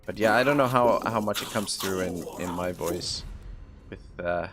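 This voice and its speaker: A man's voice: low-pitched, normal speed, over music. A man with a Canadian accent streaming a strategy game, chatting with viewers and reading their messages aloud. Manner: rambling, reads chat aloud, many fillers and restarts. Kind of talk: live gameplay commentary, chatting with viewers.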